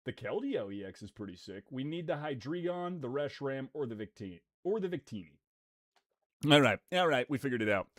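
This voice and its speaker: Opening trading card packs on stream, a twentysomething guy chats casually in a mid-range voice at a slightly quick clip. He's excitable, flipping between mumbled asides and loud, hyped-up yells. The sound is studio quality with no room ambience.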